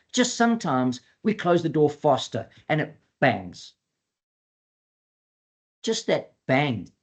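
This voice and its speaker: This dog trainer's voice sits on the high side as he presents a webinar. He is chatty and animated, voicing what his clients and their dogs might say.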